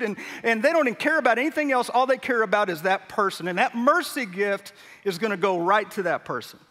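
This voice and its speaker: A man's voice: very high voice, pushed and bright. A middle-aged man preaching a sermon, telling a story and acting out the voices of the people in it. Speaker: pastor. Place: large church sanctuary. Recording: long hall reverb.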